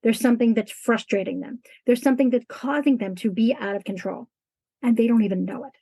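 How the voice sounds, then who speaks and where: This is a woman teacher being interviewed in a conversational way; she's earnest and emphatic and plays out classroom dialogue. Her voice runs fairly quick and on the high side, dark in tone and slightly rough. There's no room sound.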